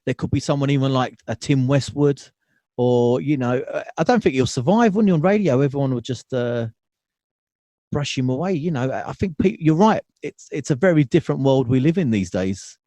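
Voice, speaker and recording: A man's voice: mid-range voice, animated, fairly quick, dark tone, no room sound. A man with a South London accent hosting a casual podcast interview, asking questions with hesitant fillers. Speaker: podcast host.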